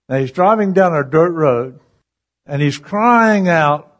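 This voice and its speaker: A man preaching a sermon through a story, animated and chuckling between lines as he acts out the voices. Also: on the high side, slow, pauses often.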